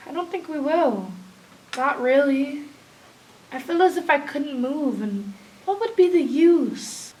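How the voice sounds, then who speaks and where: A woman's voice: animated, slow pace, a little mellow, slight background noise. A young woman playing a distraught woman. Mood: despairing. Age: young adult. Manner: pleading, then low and resigned. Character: distraught woman, anxious and despairing. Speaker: actor. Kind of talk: stage drama scene. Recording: echoey room, distant mic.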